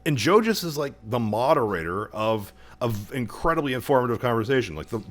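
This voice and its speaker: A male podcast co-host with a mid-range, animated voice talks fairly quickly in casual chat. He wanders through his points, often restarting, and swears freely.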